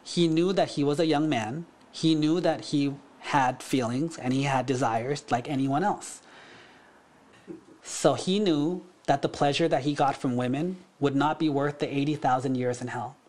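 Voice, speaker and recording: A man, a monk teaching a class, telling a story in a relaxed, conversational way with frequent fillers. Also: on the high side, normal speed. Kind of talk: casual storytelling.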